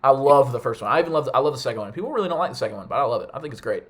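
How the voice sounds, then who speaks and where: A man's voice: medium pitch, lively intonation, rapid-fire, a crowd in the background. A young man hosting a casual podcast chat, eager and enthusiastic, calling on each guest in turn. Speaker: podcast host.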